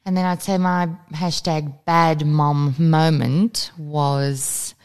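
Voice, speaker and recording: A woman's voice: sits low, flat delivery, slow pace, darkish tone, clean tone. A woman, co-hosting a casual parenting podcast and talking candidly, swearing freely. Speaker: podcast co-host. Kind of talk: casual chat.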